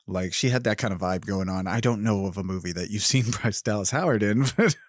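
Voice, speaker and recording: A man's voice: on the low side, brisk, no echo, clean studio sound. A man co-hosting a horror movie podcast, chatting casually, rambling and swearing, laughing often. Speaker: podcast co-host. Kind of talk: casual chat.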